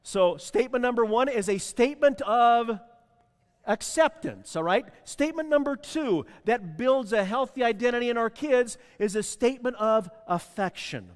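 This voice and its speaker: High-voiced pastor preaching in a hall. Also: male voice, animated, normal speed. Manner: repeats key lines, asks the congregation to respond. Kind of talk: sermon. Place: church sanctuary.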